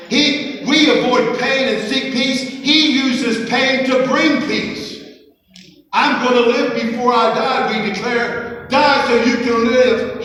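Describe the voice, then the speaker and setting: A man preaching a sermon as pastor, leading the congregation in call-and-response and repeating phrases slowly. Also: very high voice, a bit bright. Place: church sanctuary. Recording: echoey hall, voice from a distance.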